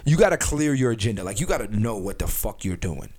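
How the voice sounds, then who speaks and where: A man's voice: on the low side, big pitch swings, fast, darkish tone, husky. A young man hosting a casual podcast, brash and profane, rambling with lots of restarts and filler. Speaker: podcast host.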